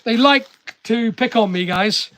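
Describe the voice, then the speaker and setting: Chatty high-voiced man with Northern Irish lilt. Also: a little slow, fairly bright tone. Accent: Northern Irish-English mix. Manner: chatty, teasing, talks to viewers while working. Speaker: online seller and channel host. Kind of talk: casual live-stream chat while packing. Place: packing workspace with staff nearby.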